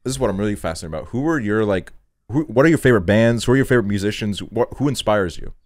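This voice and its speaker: A man's voice: lowish voice, racing, no room sound, clean studio sound. A young man hosting a podcast, chatting loosely with lots of swearing and playful self-quotes. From Estonia. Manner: loose and profane, animated when quoting himself. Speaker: podcast host. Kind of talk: casual chat.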